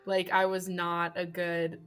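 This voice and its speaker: A woman's voice: fairly low pitch, completely flat delivery, slow pace, a bit bright, soft background music. A woman playing a blunt divorced mom. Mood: earnest.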